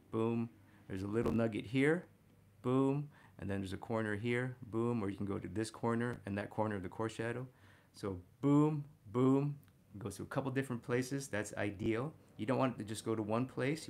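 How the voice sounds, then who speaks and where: A man teaching figure drawing and talking through a study, energetic and punctuating his points with "boom". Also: gravelly. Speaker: art instructor.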